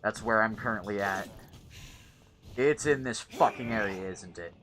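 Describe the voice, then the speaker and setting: A man chatting casually while playing a game, swearing often and getting frustrated quickly. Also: fairly low pitch. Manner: swears a lot, easily frustrated. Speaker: gamer. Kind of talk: casual gaming chat.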